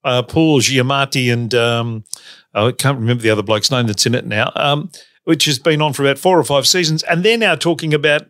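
Chatty Australian radio host. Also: male voice, fairly high pitch, a bit bright, no echo, clean studio sound. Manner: chatty, rambling, quick to laugh. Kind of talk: casual radio chat.

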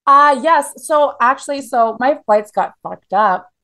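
A woman's voice: sits high, lively intonation, measured pace, pushed and bright. A woman in her thirties from Canada, telling blunt, profane stories in a casual interview with lots of "like" fillers. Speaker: guest.

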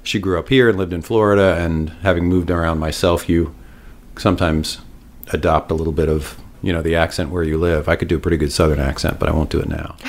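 Rich: A man with an extremely low, deep voice talks things over as a podcast co-host. He is thoughtful and unhurried in his reasoning, circling back on his words before he lands a point. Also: fairly even intonation. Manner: thoughtful, hesitant, repeats words while thinking. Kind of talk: casual discussion.

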